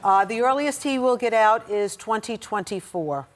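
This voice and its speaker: A woman reporter is a guest on a talk show, giving her commentary in a conversational way. She speaks hesitantly and pauses on fillers. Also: a little high.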